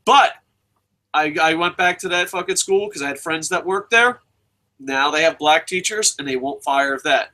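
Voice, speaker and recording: A man's voice: on the high side, normal speed, pushed and bright. A man co-hosting a wrestling news show, ranting bluntly and profanely in casual chat.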